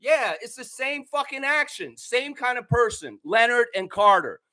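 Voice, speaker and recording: A man from Canada hosts a fan show and rants with profane, heated anger. His voice sits high and sounds bright and tense as he fires off his complaints. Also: expressive, normal speed. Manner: angry, profane, heated ranting. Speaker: basketball fan show host. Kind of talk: ranting commentary.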